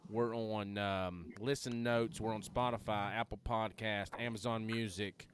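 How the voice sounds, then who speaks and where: A man's voice: fairly low pitch, fairly even intonation, a little slow, a little hiss or hum. A man, a podcast co-host chatting casually and rambling with fillers. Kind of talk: casual chat.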